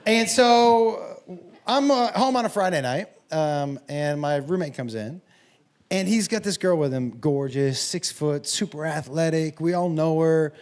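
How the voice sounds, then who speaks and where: A man doing a stand-up comedy set on a club stage, telling stories loudly and profanely, with bursts of shouting. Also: a little high, unhurried. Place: comedy club stage before a laughing audience. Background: audience laughter and room ambience.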